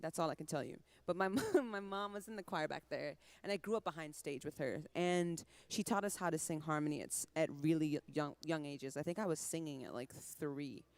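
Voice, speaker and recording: This is casual interview chat from a musician guest, a Trinidad-born woman in her twenties whose American accent hides a slight Caribbean flavor. Her low, slightly mellow voice comes through with no room sound, full of laughter and quick side remarks.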